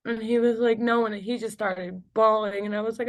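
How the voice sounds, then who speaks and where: A woman's voice: a little high, steady tone. A young woman speaking as an interview guest, retelling a personal story in a casual, unpolished way. Her sentences stop and restart, padded with "like" and "you know", and nervous little laughs break up the emotional moments. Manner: halting, filler-heavy speech with frequent "like" and "you know".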